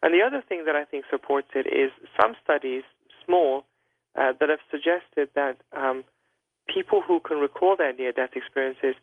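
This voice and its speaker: A man speaks as a guest doctor on a radio call-in, measured and hedging, with frequent fillers. His voice comes through a tinny, narrow phone line. The sound is dry and close. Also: fairly high pitch, no echo. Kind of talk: careful explanatory talk over a phone line.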